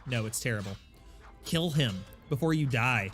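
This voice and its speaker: A man streaming a game from his apartment, chatting casually into a desk mic, self-deprecating and full of quick asides. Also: mid-range voice, lively intonation, fairly bright tone, faint music behind. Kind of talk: casual live-stream chat. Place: home apartment. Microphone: desk microphone.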